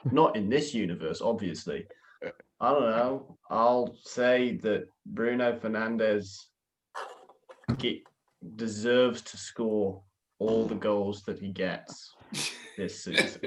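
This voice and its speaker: A man's voice: fairly low pitch, slow, slight background noise. A man from Britain on a soccer podcast panel, speaking over a video call. His tone is wry and teasing. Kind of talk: casual roundtable chat.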